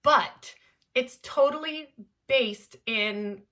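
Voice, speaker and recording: A young adult woman from Southern California, a voice teacher talking in a podcast interview in an animated, playful way. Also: high voice, drawn-out words. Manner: animated, playful, demonstrates with gibberish singing sounds. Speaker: voice teacher, guest.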